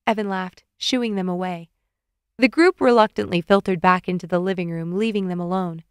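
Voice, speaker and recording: A woman narrating a romance audiobook in a calm, even storytelling voice, recorded close on a studio mic. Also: on the low side, moderate pace, clear, resonant tone, no echo.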